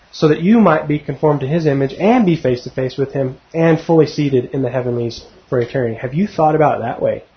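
A middle-aged man teaching verse by verse through a Bible passage, conversational and often putting questions to his listeners. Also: a little high. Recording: dull lo-fi recording.

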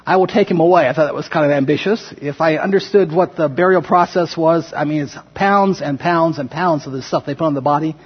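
A man's voice: on the high side, a little fast, few pauses, husky, lo-fi sound. A man leading an informal Bible class, talking conversationally, asking the group questions and acting out scripture quotes in his own words. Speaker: Bible study teacher. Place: classroom or church room with a group.

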